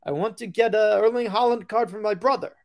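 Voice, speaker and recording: Man putting on a high, excited Italian buyer. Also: fairly quick. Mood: cheerful. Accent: Italian, put on. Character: friendly Italian man buying a card.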